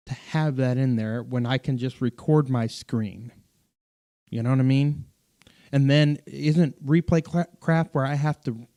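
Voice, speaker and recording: A man with a mellow, relaxed tone talks casually on a live stream, reading viewer comments as he goes. His speech wanders, full of fillers and restarts, and he often corrects himself mid-sentence. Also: on the high side. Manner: rambling, self-correcting, many fillers and restarts. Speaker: pastor and streamer hosting a live Q&A.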